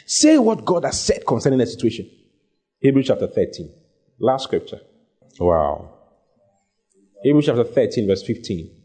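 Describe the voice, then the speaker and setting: A male preacher delivers a sermon emphatically and repetitively, reading scripture aloud and urging his listeners on. His mid-range voice is mellow and husky with a sing-song lilt, at normal speed with frequent pauses.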